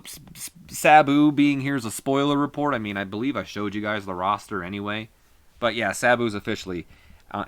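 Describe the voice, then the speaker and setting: A man's voice: on the low side, fairly bright tone, dry recording. A man casually narrating a wrestling management game, chatty with rambling asides. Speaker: gaming video host. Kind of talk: casual game playthrough commentary.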